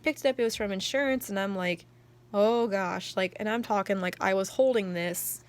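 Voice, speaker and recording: Young adult woman, casual vlog chat, mid pitch, excitable and rambly with constant filler words. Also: fairly quick. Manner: excitable storyteller. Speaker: journal vlogger.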